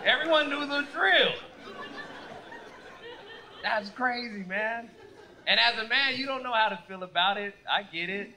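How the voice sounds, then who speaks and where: A man doing a stand-up comedy set on a club stage, loud and animated, shouting his punchlines into a handheld mic. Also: very high voice, measured pace, long pauses, a faint crowd, a little hiss or hum.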